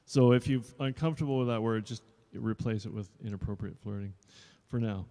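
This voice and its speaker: A man's voice: on the low side, brisk, hardly any pauses, dark tone. A man in his fifties, an actor, talking casually to a live audience, rambling and joking with them. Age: 50s. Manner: chatty and rambling, jokes with the audience. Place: showroom. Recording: long reverb in a showroom.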